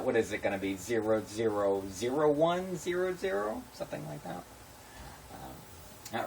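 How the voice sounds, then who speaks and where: A man's voice: fairly low pitch, darkish tone. A man hosting a casual web show, talking off the cuff with many fillers and restarts. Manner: rambling, full of fillers and restarts. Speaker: show host. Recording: distant mic with faint noise.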